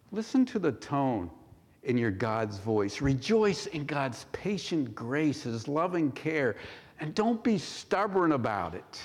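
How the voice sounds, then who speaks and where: Male pastor preaching slow, lots of questions to the room, long church echo. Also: mid-range voice, sing-song, gravelly. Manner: measured, with pauses and rhetorical questions. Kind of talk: sermon. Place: church sanctuary. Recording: long hall reverb.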